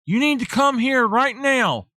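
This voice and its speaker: A man's voice: animated, unhurried, pushed and bright, no echo, studio quality, heavily acted. A man putting on the voice of a panicked woman who keeps repeating that a stranger is in the yard. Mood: frantic. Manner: shrill, frantic, repeating herself.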